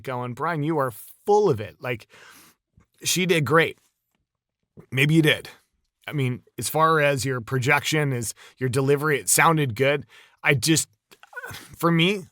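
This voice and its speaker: Upbeat, bright-voiced man giving feedback. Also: mid-range voice, dry recording, studio quality. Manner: upbeat and chatty, with quick bursts of praise. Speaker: voiceover coach reviewing a demo. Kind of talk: casual video critique.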